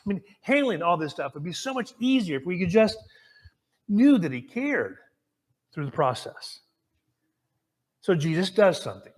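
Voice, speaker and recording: An American man delivers a sermon in a light, high-pitched voice. He tells the story conversationally, asking his listeners questions and often restarting his words. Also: very animated, normal speed, long pauses. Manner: storytelling, asks the congregation questions. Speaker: preacher.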